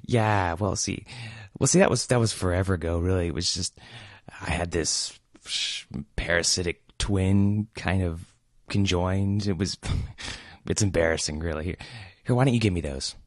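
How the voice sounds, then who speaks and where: A man's voice: low-pitched, normal speed, no room sound, studio quality, close to an everyday voice. A man voicing a coy, flustered young woman in a comedy skit.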